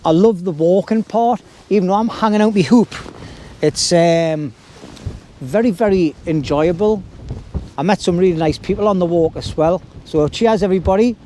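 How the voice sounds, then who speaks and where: A man's voice: high-pitched, normal speed, dark tone, slight background noise. A middle-aged man, chatting casually to camera at his hilltop camp. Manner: chatty and colloquial. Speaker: vlogger. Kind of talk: casual outdoor vlog chat.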